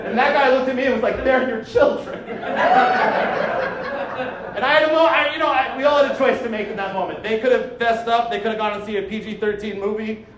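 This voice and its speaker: A man's voice: extremely high pitch, fairly even intonation, fast talker, dull audio. A man performing a stand-up set on a club stage, brash and profane, mocking himself and laughing at his own jokes. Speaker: stand-up comedian. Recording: echoey club recording, heard from a distance, with noise. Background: audience laughter.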